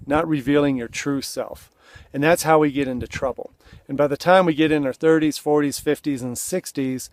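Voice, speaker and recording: Man, relationship coach, earnest, conversational, slightly high voice, seated indoors. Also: darkish tone. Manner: earnest, conversational, acts out sample lines. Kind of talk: direct-to-camera coaching talk.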